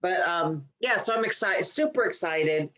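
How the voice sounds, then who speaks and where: A woman's voice: fairly low pitch, lively intonation, moderate pace, fairly bright tone, low-quality recording. A woman co-hosting a comedy podcast, chatting in an upbeat way and trailing off her sentences. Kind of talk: casual chat.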